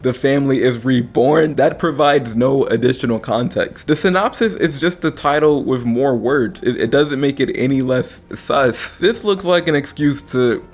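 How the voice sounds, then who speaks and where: A young man, a YouTuber, giving casual reaction commentary to camera in an animated, sarcastic way, laughing often. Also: medium pitch, normal speed, hardly any pauses. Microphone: facing the camera.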